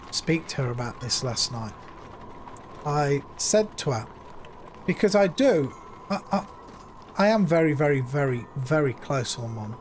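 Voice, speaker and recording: A man's voice: a little high, a little hiss or hum. A man in his fifties chatting casually to his stream viewers from home, rambling and retelling conversations with lots of repeats. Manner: rambling, repeats himself, retells dialogue with "I says". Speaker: live streamer.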